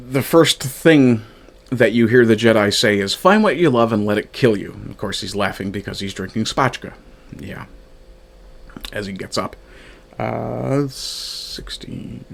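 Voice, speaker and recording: Low-voiced man reviewing a fan film. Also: gravelly. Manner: thinking aloud, halting, many fillers; reads from his own notes. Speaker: media reviewer. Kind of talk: casual review commentary.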